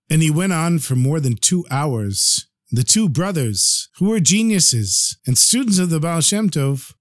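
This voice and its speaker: A man telling a traditional tale as a podcast storyteller, in an expressive, lively way. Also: fairly high pitch, dry recording, studio quality.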